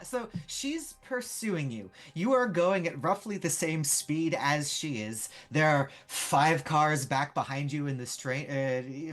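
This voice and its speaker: Laid-back game master narrating a session. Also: mid-range voice. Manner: casual, loose narration with fillers and swearing.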